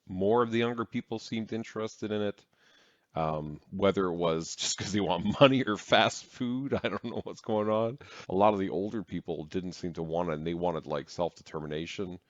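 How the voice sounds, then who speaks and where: A man's voice: low voice, no room sound. A man hosting a reaction video, chatting casually, swearing, laughing and trailing off. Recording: dry, slightly dull sound.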